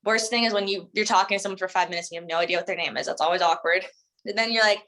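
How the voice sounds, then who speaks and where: A sales trainer races through casual instruction in a medium-pitched, slightly bright voice, and the audio is poor. Chatty and full of "um" and "like," she acts out the lines her sales team should deliver.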